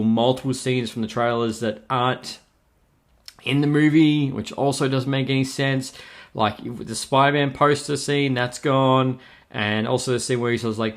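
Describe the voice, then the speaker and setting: Exasperated man ranting about a movie. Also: medium pitch. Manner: exasperated, repeats "no joke", quotes scenes in quick asides. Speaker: podcast host reviewing films. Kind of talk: casual movie review rant.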